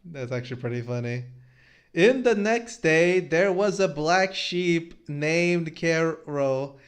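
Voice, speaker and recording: A man's voice: fairly high pitch, expressive, slow pace. A man hosting a casual comic-review podcast, reading panels aloud and laughing often. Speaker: podcast host.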